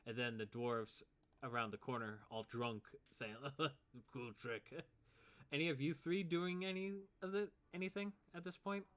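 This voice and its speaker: A man narrating as game master in a tabletop role-playing game, relaxed and loose, chuckling often. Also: fairly high pitch, moderate pace.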